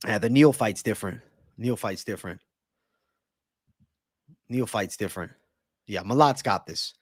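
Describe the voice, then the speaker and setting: A man's voice: on the low side, a little slow, slightly rough, no echo, studio quality. A young man hosting a live stream, reading chat and breaking down fights in brash, profane banter. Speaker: livestream host and fight analyst.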